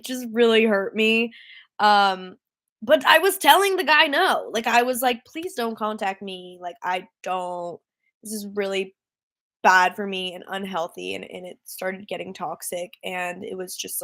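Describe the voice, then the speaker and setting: On a livestream, a young singer-songwriter with a medium-pitched voice chats casually, rambling, getting easily sidetracked, and laughing frequently.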